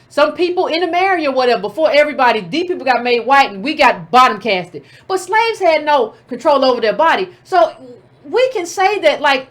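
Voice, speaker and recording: A woman hosting a commentary show, scolding and combative, often repeating herself. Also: sits high. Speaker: political commentator and show host. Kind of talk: casual direct-to-camera commentary.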